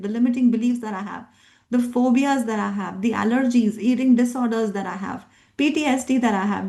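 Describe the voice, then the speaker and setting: A middle-aged woman teaches a live workshop group in a slightly high voice. She is emphatic and repetitive, hammering points home. She keeps drawing the room in with quick questions. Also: warm tone. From immigrant living in Australia. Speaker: NLP coach and workshop trainer.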